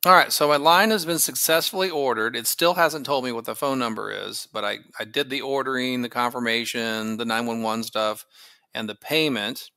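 A man's voice: mid-range voice, normal speed, bright, forceful tone, no echo. A man casually walking through a phone service setup, thinking aloud with fillers as he clicks along. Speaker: tech tutorial host. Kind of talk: casual screen-recording walkthrough.

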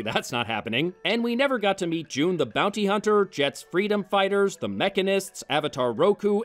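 Sarcastic male reviewer, fairly high voice that leaps around, scripted comedy commentary. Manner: sarcastic, exasperated. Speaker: film reviewer.

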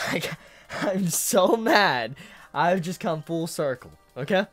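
A woman reviewing anime in an angry rant, swearing and exasperated, swinging from low muttering to loud outbursts. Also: expressive, slow pace, pauses often, faint music behind.

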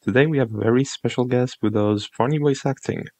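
A man's voice: medium pitch, a little fast, a little mellow, no echo. A man hosting an interview show, giving a brief, friendly intro on a home mic. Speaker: host.

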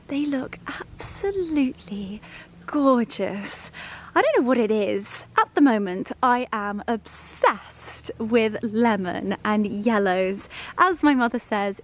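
A woman vlogging, chatting warmly and gushingly to her viewers and her dogs. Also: on the high side. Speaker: lifestyle vlogger. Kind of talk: casual vlog chat to camera.

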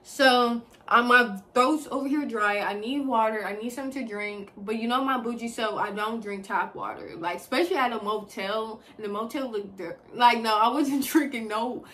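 A woman's voice: a little high, moderate pace, hardly any pauses. A young woman vlogger telling a personal story in a casual, chatty way, talking straight to her viewers, swearing freely and leaning on filler words. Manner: chatty and expressive, addresses viewers as y'all, swears freely, heavy use of like.

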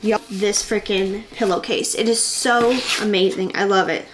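A young woman vlogging from her bedroom in a chatty, excitable, rambling way. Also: medium pitch, moderate pace, slight background noise. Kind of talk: casual vlog chat.

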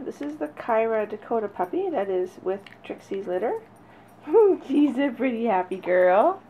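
A woman breeder talking casually and fondly while she films her puppies, now and then calling to them in a high sing-song. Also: very animated, measured pace. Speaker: dog breeder. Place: indoors near a puppy crate. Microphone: handheld camera. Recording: dull lo-fi audio with faint noise.

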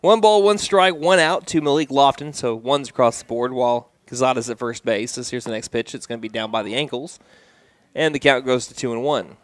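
A man working the booth for a hometown high school baseball broadcast. His voice sits in an ordinary middle range and keeps a steady, chatty pace between pitches. It jumps up sharply when a batter strikes out or gets hit. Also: a little fast, no room sound. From United States. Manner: steady conversational calls, rising sharply on big plays. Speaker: play-by-play radio announcer. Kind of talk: baseball play-by-play commentary.

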